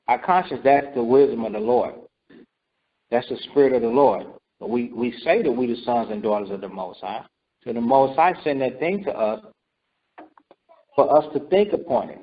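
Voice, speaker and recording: A man's voice: mid-range voice, expressive, moderate pace. Preaching man, call-and-response style. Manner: repetitive, calls for responses with "right?" and "okay?". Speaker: teacher leading scripture study. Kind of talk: scripture teaching sermon. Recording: dull lo-fi recording.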